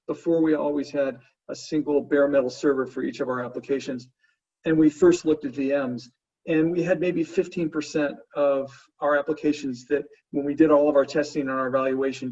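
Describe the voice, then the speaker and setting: A man answering webinar questions as a panelist, halting, with frequent fillers and restarts. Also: a little high, a little mellow. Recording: distant, muffled remote audio.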